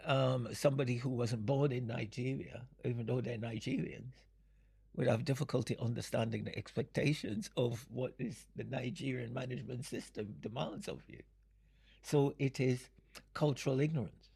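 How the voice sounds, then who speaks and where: An older man from Jamaica, speaking in an interview, unhurried and fond of analogies, often breaking into laughter. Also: mid-range voice, gravelly, a little mellow, husky. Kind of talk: reflective storytelling.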